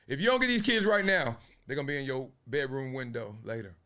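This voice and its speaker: A man's voice: mid-range voice, very animated, fairly quick, sharp tone, smooth. A man hosting a casual sports commentary show, joking and trash-talking, now and then breaking into freestyle rhymes. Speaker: host.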